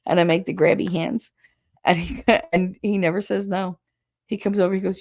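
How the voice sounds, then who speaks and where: A woman host chatting casually and bluntly with viewers, swearing freely, her throat raw and hoarse. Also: lowish voice, fairly even intonation, normal speed, a little mellow. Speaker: show host reading viewer comments. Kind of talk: casual solo livestream chat.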